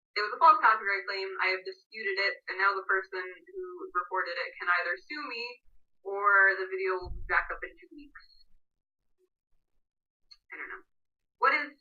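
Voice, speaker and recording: A woman's voice: medium pitch, pushed and bright. A woman in her late teens chatting casually on a livestream, reading viewers' questions aloud and giggling as she answers. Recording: muffled, slightly distant livestream audio.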